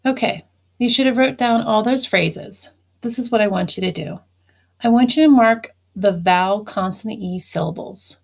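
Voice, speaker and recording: Woman teacher slowly dictating phonics. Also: medium pitch, gravelly. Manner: slow, deliberate dictation of phrases. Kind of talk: recorded phonics lesson.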